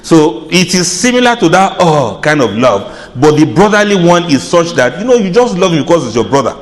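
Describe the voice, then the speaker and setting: Man, religious lecturer, conversational sermon, laughs often, slightly high voice, echoing hall. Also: very animated, fairly quick. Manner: chatty, laughs often, mimics reactions with soft sighs. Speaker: Islamic lecturer. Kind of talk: informal sermon.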